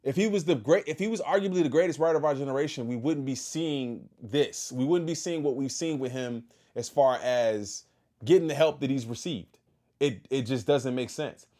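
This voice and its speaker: A man hosting a casual reaction stream, talking back to a video and shouting out his chat. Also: mid-range voice, moderate pace. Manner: animated, talks back to the video and thanks chat.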